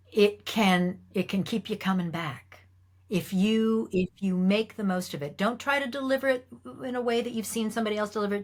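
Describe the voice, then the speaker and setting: A middle-aged woman recounts stories from her work with lively, animated delivery. She slips into quoted voices and breaks into laughter along the way. Her voice sits at an ordinary middle pitch for a woman. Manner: lively storyteller, acts out quoted lines, laughs often. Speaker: guest actress. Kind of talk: animated anecdote telling.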